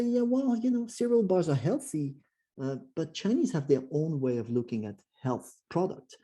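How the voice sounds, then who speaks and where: A husky, mid-range male voice belongs to a guest speaker from France presenting to a club. His French accent comes through as he restarts often, leans on fillers, and animates the voices he quotes.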